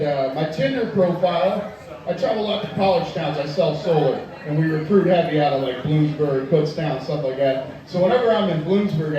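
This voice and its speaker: A man's voice: on the high side, mellow, lo-fi sound. A young man doing a crude, profane stand-up set in a tavern, laughing at his own jokes. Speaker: stand-up comedian. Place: tavern stage. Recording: echoey room, far from the mic.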